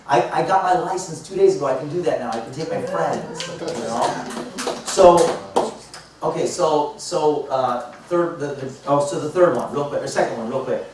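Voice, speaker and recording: A man in his fifties, a motivational speaker telling lively stories to a live audience and acting out both sides of conversations. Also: on the high side, normal speed. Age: 50s. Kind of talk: storytelling talk to a live audience. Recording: echoey hall, mic far off, faint noise.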